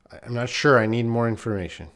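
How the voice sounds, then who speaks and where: A man's voice: medium pitch, fast, fairly bright tone. A man teaching English on a live stream, reading out viewer questions and answering them bluntly. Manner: reads viewer questions aloud and corrects them, blunt and direct.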